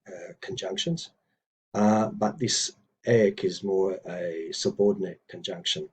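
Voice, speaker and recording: A man teaching an Old English lesson in an unhurried, explanatory way, with frequent fillers and self-corrections. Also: low-pitched, darkish tone, slight background noise, rough recording. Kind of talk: informal recorded lesson, reading and explaining text.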